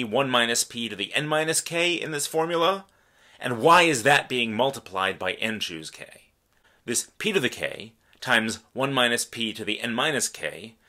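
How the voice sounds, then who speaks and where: A man delivers a recorded math lecture in a lowish voice. His tone is bright and forceful. He explains each step with care and presses hard on the ideas that matter. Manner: careful, explanatory, stresses key points.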